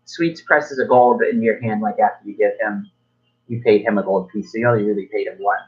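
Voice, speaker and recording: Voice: mid-range voice, fairly even intonation, brisk, highs cut off. A game master narrating a tabletop game in a casual, loose way, full of fillers.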